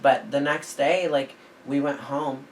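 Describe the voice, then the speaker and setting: The young co-host's voice is medium-pitched, steady, and unhurried as he rambles through a story in casual podcast chat, sprinkling in plenty of "like." It's captured on a distant mic in an echoey room, with a faint hiss.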